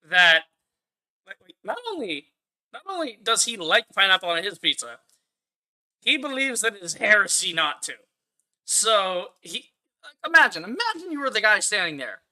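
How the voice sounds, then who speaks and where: A man's voice: sits high, pushed and bright. A man streaming a game and chatting casually, laid-back, laughing and swearing as he reacts. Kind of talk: casual gaming reaction chat.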